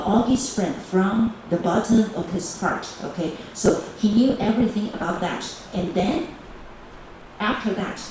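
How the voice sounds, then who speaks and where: A woman teaching English grammar to a high school class, mixing languages and repeating each key phrase. Her voice bounces around a large, very echoey classroom, and clear room noise sits under it. She calls on one team after another. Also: far from the mic. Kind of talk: bilingual classroom grammar lesson. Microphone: camera recording the class.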